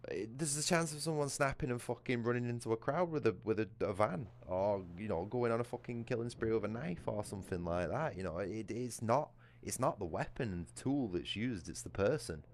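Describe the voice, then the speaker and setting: A man's voice: mid-range voice, expressive, moderate pace. A British man chatting casually on a livestream, ranting with heavy swearing. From United Kingdom. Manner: profane, ranting.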